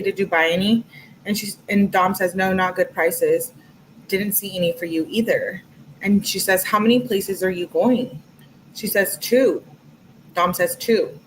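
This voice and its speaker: A woman's voice: medium pitch, slight background noise, rough recording. A young woman casually reading text messages aloud on a livestream, adding her own comments as she goes. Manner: chatty, reads quotes aloud with commentary asides. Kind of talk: casual livestream read-through.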